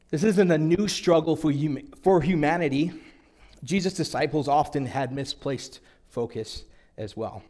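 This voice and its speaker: A man delivering a sermon in a slightly higher-than-usual voice. He reads scripture aloud earnestly, slowing down and pausing for effect. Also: darkish tone. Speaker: preacher.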